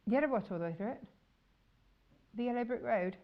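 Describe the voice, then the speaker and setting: A woman's voice: on the high side, fairly quick, lo-fi sound. Gushing woman presenting sewing fabrics. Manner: enthusiastic, gushing, chatty. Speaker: shopping channel presenter. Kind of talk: chatty live sales presentation.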